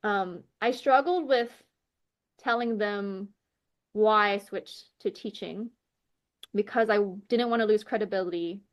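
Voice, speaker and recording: A woman with a mid-range voice and a slightly slow pace shares a personal faith testimony as a podcast guest. She speaks earnestly, using "like" and "you know" heavily, and tells her story with animation, acting out the dialogue she recounts.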